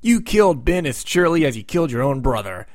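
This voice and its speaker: A man reading as a scornful grown male hero leader, berating, lively pitch, dry close sound. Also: fast, dry recording, natural voice. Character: harsh, blaming adult male superhero leader.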